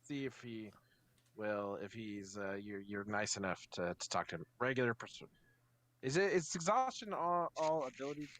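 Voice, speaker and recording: A man's voice: mid-range voice, animated, moderate pace, fairly bright tone. A man running a tabletop game as dungeon master, narrating in a hesitant, rambling way.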